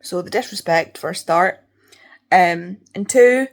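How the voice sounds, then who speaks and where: This young Scottish book vlogger talks casually in a home reading vlog, her fairly low voice measured and creaky. She's chatty and given to ranting, swearing freely as she goes.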